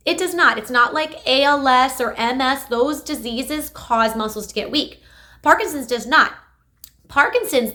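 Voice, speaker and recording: A woman speech therapist talks through exercises for patients, energetic and emphatic. Her voice sits a touch high and sounds bright and forceful. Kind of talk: instructional health video.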